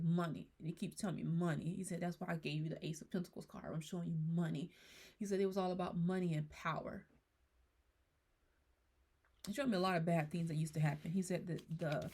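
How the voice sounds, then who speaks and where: A woman tarot reader in a casual monologue, passing on messages she says she receives, in rambling, hesitant speech that grows animated when she gets excited. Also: fairly low pitch, creaky. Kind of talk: casual spiritual channeling monologue.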